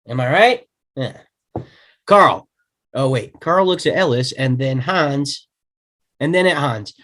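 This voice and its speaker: An actor at a table read, playing a slick, brash executive with a wheedling sales patter. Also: male voice, fairly high pitch, fairly bright tone. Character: slick fast-talking male executive.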